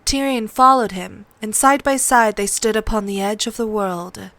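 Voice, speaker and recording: A woman narrating a novel in a read-along, telling the story in a steady, even way. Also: mid-range voice, moderate pace, no echo.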